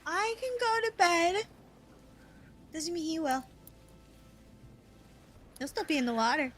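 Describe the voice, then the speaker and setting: A woman's voice: very high voice, sing-song, takes it slowly, fairly bright tone, faint music behind, voice pushed up, exaggerated voice. A woman voicing bratty, mischievous young children in a tabletop game, with a whiny, cheeky manner. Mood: defiant.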